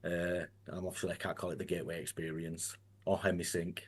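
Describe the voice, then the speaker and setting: A man's voice: deep voice, flat delivery, a little fast, slightly rough. A man with a Yorkshire accent talking as a guest in a casual conversation, earnest and rambling, often restarting his sentences.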